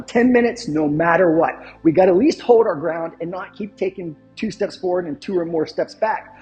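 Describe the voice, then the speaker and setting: A man's voice: a little high, a little mellow. A male fitness coach giving an instructional talk, emphatic and fond of repeating his catchphrases and asking the viewer questions.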